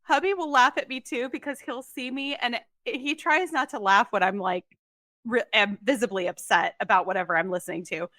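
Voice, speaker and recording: A woman co-hosting a casual podcast, expressive and quick to laugh. Her voice is fairly high and very bright and forceful, and the recording is dry and close. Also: no echo. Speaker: podcast co-host. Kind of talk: casual chat.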